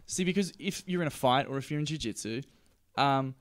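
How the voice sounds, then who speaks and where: A young man hosting a casual podcast chat, explaining in an animated way and acting out little voices as he goes. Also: mid-range voice, brisk, dry recording. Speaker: podcast host.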